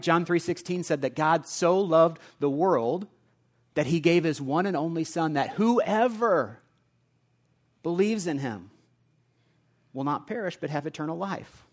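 Earnest preaching man, fairly high voice. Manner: earnest, builds from quiet asides to emphatic repetition. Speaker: pastor. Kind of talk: sermon.

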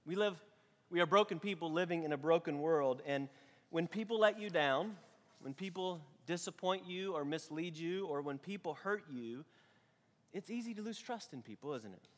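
A man who is a pastor, giving a sermon to his church with lively, chatty storytelling. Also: fairly high pitch, normal speed, in a large hall. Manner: animated storytelling with nervous laughs.

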